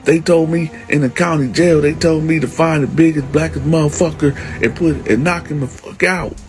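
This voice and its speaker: A man doing a scared young country inmate from Alabama, his voice pushed up high into a nervous, pleading whine. He rambles and begs, over a faint bed of music. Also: steady tone, moderate pace, close to an everyday voice. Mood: explaining.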